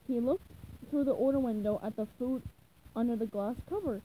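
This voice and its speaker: A woman reads a children's storybook aloud, lively and expressive. Her voice is fairly high and mellow. Her pitch rises and falls a lot, with a faint hiss behind her. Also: fairly quick, rough recording. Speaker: reader. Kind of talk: storybook reading.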